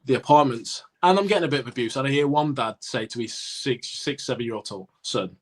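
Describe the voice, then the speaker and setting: A man telling a story on a podcast with plenty of drive, acting out the shouts of fans and teammates along the way. He talks at an ordinary middle pitch, and his delivery is casual and conversational. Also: fairly quick. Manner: animated anecdote-telling with acted-out quotes. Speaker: podcast co-host, former cricketer.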